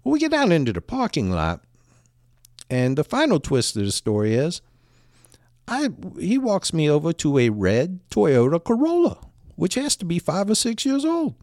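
A man's voice: a little high, huge pitch swings, moderate pace, darkish tone, no echo, clean studio sound. A middle-aged man telling a personal story in a rambling, casual way with many restarts.

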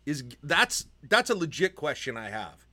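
A man co-hosting a casual sports podcast, talking in an animated, chatty way. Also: on the high side, moderate pace. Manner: animated, puts on a mock Irish accent at times. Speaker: podcast co-host. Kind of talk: casual chat. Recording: remote call recording.

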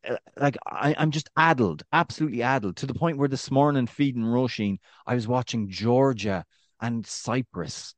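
An Irish man in his thirties, co-hosting a casual podcast chat, animated and rambling with restarts and acted-out anecdotes. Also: medium pitch, normal speed, no room sound. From Ireland. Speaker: podcast co-host.

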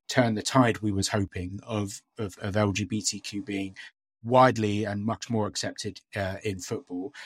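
In casual podcast chat, this male co-host speaks hesitantly, stumbling through fillers and frequent restarts. His voice is lowish and husky, and the recording is dry and studio quality.

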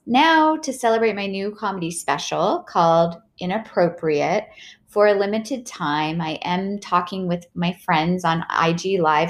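A woman comedian hosting a podcast in a casual, playful and bubbly way, joking as she talks. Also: fairly low pitch.

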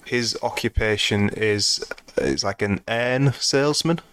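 A man's voice: lowish voice, slow pace, a bit bright, a little hiss or hum. A man co-hosting a film podcast in casual chat, meandering and restarting sentences with dry humor. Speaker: podcast co-host.

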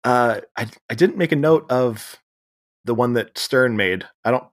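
A man co-hosts a podcast and walks through a film's story in relaxed chat. He acts out the characters' lines as he goes and breaks into laughter often. His voice sits at an ordinary middle pitch. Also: unhurried. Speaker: podcast co-host. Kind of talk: casual chat recapping a film.

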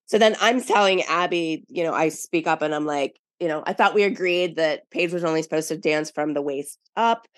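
A woman with a fairly low voice co-hosts a casual podcast, retelling the episode and acting out what people said. The sound is dry and close. She speaks in a chatty, animated storytelling way. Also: moderate pace, few pauses, no room sound. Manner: animated storytelling, acts out quotes. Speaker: podcast co-host. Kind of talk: casual podcast recap chat.

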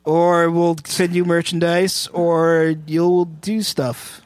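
High-pitched guy cracking crude jokes on a podcast, dry close sound. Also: little pitch movement, takes it slowly, dry recording. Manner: crude joking, teasing plugs. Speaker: podcast co-host, band member. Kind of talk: casual podcast banter.

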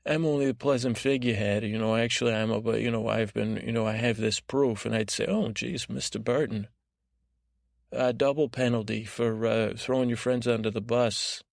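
A man voicing a grumpy, cynical male butterfly who rambles along in halting, grumbling sentences full of fillers for a sleep podcast. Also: mid-range voice, steady tone, gravelly, no echo, clean studio sound, close to an everyday voice. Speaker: podcast host. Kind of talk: sleep podcast character monologue.

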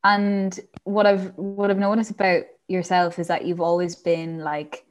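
A woman's voice: on the low side, little pitch movement, a little slow. A woman, talking thoughtfully and a little hesitantly in casual chat. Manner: thoughtful, hesitant, asks questions.

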